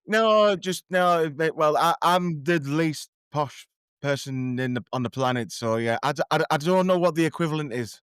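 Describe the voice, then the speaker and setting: A man's voice: on the high side, moderate pace, fairly bright tone, clean tone, no room sound, clean studio sound. A man talking as a podcast guest in a casual chat, rambling and self-deprecating, often tripping over his words.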